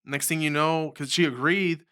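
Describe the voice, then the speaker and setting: A young Mexican filmmaker, interviewed as a guest, tells his story animatedly and slips into the voices of the people he quotes. His bright, clear voice sits on the high side at a moderate pace. The recording is close and dry, without echo.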